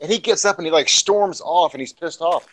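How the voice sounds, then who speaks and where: A man's voice: fairly high pitch, fairly quick, a bit bright, no echo, low-quality recording. A man co-hosting a casual livestream podcast, telling a long anecdote full of fillers, restarts and swearing. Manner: rambling, profane anecdote-telling with many fillers. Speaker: podcast co-host. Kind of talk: casual storytelling chat.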